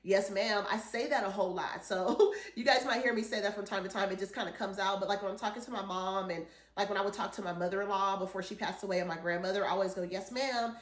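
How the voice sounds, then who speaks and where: A woman's voice: mid-range voice, fairly even intonation, fast, hardly any pauses. A woman in her forties chatting casually through a shopping haul, rambling and enthusiastic. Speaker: haul vlogger. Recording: echoey room.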